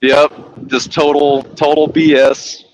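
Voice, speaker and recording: A man's voice: on the high side, flat delivery, slow pace, slight background noise, poor audio. A man who drives trucks, telling a casual story in a rambling, profane way. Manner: rambling, profane, acts out quoted people.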